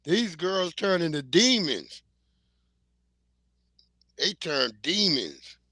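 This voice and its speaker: A middle-aged man hosts a casual livestream, spinning rambling comic stories full of swearing and easy laughter. His voice sits high and sounds bright and sharp, and the recording is dry and close with no room sound. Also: sing-song, very slow, no echo. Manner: rambling comic storytelling, profane, laughing often. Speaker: livestream host.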